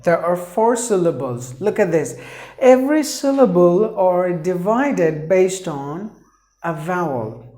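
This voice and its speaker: A man's voice: high voice, lively intonation, takes it slowly, dark tone, reverberant. A man teaching a pronunciation lesson, repeating each word several times and drawing it out for drilling.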